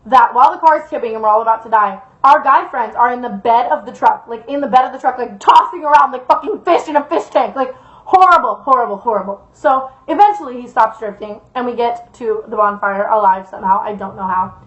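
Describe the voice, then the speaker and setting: Young woman vlogger, higher voice, chatty storytime delivery, heavy swearing, lo-fi and roomy recording. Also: a little fast. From Las Vegas, USA. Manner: rambling, swears a lot, repeats herself for emphasis. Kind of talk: casual storytime.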